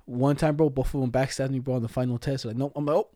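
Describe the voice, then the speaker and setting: A man co-hosting a laid-back podcast, talking in slang and acting out people in his stories. His voice is mellow and dark, close to the mic in a dry, dead room. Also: mid-range voice, fairly even intonation, fast, no echo. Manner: slangy, storytelling with laughs and acted-out quotes. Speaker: podcast co-host. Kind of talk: casual podcast chat.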